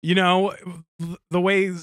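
A man in casual podcast chat about a TV episode, earnest and halting, full of fillers and restarts. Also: high voice, flat delivery, fairly bright tone, smooth, dry recording, studio quality.

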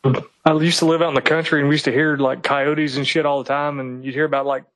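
A man's voice: on the high side, little pitch movement, quick pace, a bit bright, no echo, rough recording. A man from eastern Kentucky, co-hosting a podcast, telling rambling, profanity-filled stories in casual chat. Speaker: podcast co-host.

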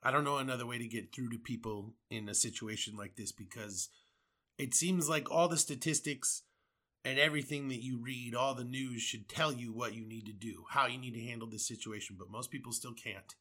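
A man's voice: mid-range voice, fairly even intonation, a little fast, pushed and bright. A man from the United States, a podcast host, delivering an angry, profane political rant with sarcastic asides.

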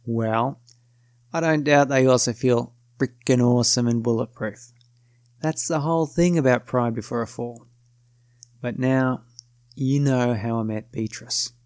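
Gravelly man telling a story. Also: mid-range voice, a little mellow, no room sound, clean studio sound. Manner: casual, self-correcting, wry. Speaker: narrator. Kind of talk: first-person storytelling podcast.

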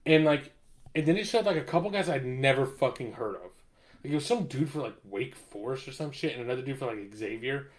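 A man's voice: mid-range voice, expressive, fairly quick. Laid-back man hosting a sports podcast. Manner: laid-back, swears, laughs often. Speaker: podcast host. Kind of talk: casual sports chat.

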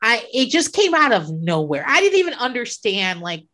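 Animated, swearing woman telling a story. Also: fairly high pitch, moderate pace. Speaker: podcast co-host. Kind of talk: casual chat.

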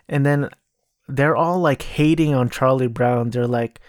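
A man's voice: mid-range voice, fairly even intonation, normal speed, no echo, clean studio sound. A man hosting a casual solo podcast, rambling and correcting himself as he talks. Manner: rambling, self-correcting, mocking impressions. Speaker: podcast host.

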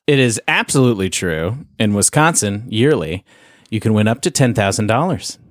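A man's voice: on the low side, expressive, normal speed, no room sound, clean studio sound. A man hosting a casual podcast game segment, teasing and playful as he quizzes his guests. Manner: playful, teasing quiz-master. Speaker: host.

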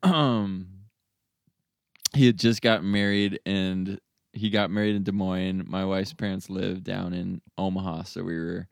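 Low-voiced man telling a story casually. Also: measured pace, creaky, dry recording, studio quality. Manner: animated storyteller, acts out friends' voices in high pitch. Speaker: storyteller in a chat. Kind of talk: casual chat.

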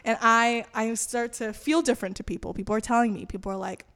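Animated woman telling a faith story. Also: fairly high pitch, fast, clear, resonant tone. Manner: animated, acts out her own past thoughts in quotes. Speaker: guest. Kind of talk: conversational storytelling. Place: church.

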